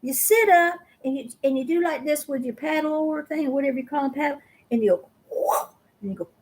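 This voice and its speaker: A middle-aged woman with a drawl hosts a relaxed live chat. Her voice sits a little high, and she tells stories with animation, jumping into the voices of the people in them. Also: fairly quick. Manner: animated storyteller who acts out voices. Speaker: host. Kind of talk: casual live-stream storytelling.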